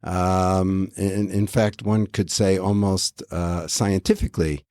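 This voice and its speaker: A man in his seventies from the United States, a guest telling stories in a measured, reflective way with dry humor. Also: sits low, fairly even intonation, mellow, dry recording. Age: 70s. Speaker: guest, diamond company head. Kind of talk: casual interview talk.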